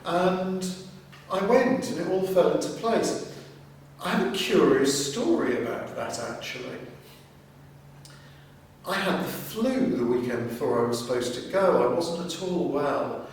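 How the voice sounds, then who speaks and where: A man, a deacon, being interviewed, telling his story at a measured pace with pauses. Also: on the high side, lively intonation, far from the mic. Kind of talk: conversational interview. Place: large reverberant room in a seminary. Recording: very echoey room, voice off-mic, faint noise.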